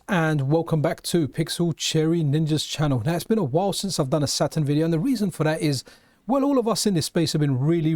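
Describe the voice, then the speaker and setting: A man's voice: fairly high pitch, darkish tone, no echo, clean studio sound. Chatty London man hosting a gaming channel. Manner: chatty, restarts and repeats words. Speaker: retro gaming channel host. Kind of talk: casual gameplay commentary.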